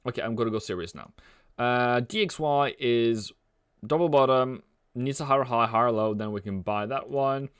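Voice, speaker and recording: A man's voice: mid-range voice, normal speed, fairly bright tone, smooth, dry recording, clean studio sound. A young man, rambling playfully through a live trading stream, joking and humming between market calls. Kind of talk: casual live-stream commentary.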